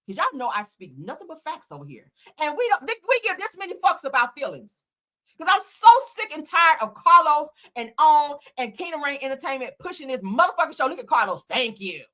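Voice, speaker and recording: A woman on her own channel tearing into a reality show in a blunt, cursing, sarcastic rant. Her voice sits high and bright and swoops up and down as she goes off. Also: big pitch swings, brisk. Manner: blunt, profane, heated, sarcastic. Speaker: host. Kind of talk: ranting reality TV commentary.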